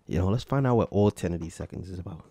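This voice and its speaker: A man's voice: low voice, quick pace, warm tone, slight background noise. A man hosting a podcast in casual chat, reacting to clips in a slangy style and often breaking into laughter. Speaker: podcast host.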